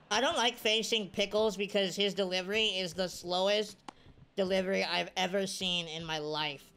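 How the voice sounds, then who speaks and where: A woman commentating her own video game play, excitable and cheering on or scolding her players. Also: fairly low pitch, creaky. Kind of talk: casual gameplay commentary.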